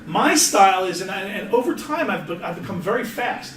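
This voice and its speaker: Man, high voice, live workshop presenter, chatty, jokey, restarts a lot, distant mic, echoey room, faint ambience. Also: big pitch swings, a little fast, fairly bright tone, a little hiss or hum. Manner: casual, chatty, self-interrupting with frequent restarts; jokey, laughs often. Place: meeting room at an office.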